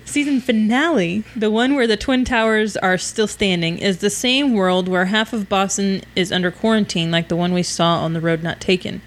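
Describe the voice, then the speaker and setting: Cheerful female co-host from Oklahoma, mid pitch, reads mail, laughs easily. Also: moderate pace, few pauses. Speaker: podcast co-host. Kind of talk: casual podcast chat, reading listener emails.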